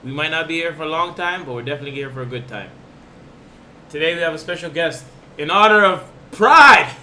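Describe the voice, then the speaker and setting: A young man hosts a casual podcast with a very bright, fairly high voice. He jokes and rambles, restarting his thoughts as he goes. A faint hiss of noise sits behind him. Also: animated, brisk. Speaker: podcast host. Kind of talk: casual chat.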